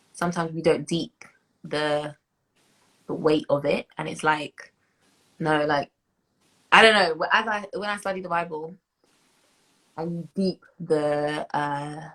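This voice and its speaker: A woman's voice: low voice, fairly bright tone, poor audio. A woman in her twenties with a British accent, talking reflectively as a guest in an interview, with many fillers and restarts. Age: 20s. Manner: reflective, many fillers and restarts, laughs as she tells stories. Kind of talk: interview conversation.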